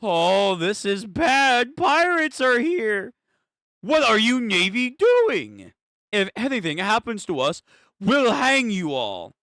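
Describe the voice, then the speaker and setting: A man voicing a frantic male navy officer, shouting in a high, drawn-out panic. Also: huge pitch swings, dry recording, clean studio sound, full character voice. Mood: panicked.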